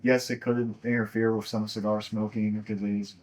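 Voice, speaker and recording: A man's voice: on the low side, little pitch movement, fairly quick, a little mellow, low-quality recording. A young man answering casually in an interview, easygoing and a little hesitant.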